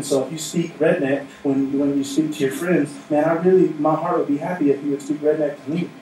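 A pastor with a dark, mid-range voice gives a casual, plain-spoken conversational sermon, blending humor with earnest appeals to his congregation, who respond from the church sanctuary. The mic sits at a distance in an echoey room, with faint noise.

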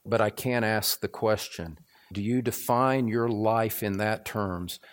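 A man's voice: on the low side, measured pace. A middle-aged man preaching a sermon as pastor, earnest and building to fervent, repetitive emphasis.

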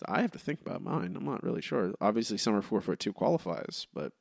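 A man co-hosting a casual podcast and running a trivia quiz, teasing his partner with quick asides. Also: lowish voice, very animated, vocal fry, no echo, clean studio sound. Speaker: podcast co-host and quiz master.

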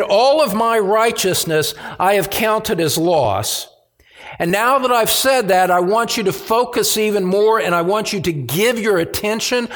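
A pastor preaching a sermon, slow and emphatic, repeating key phrases for stress. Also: male voice, high-pitched.

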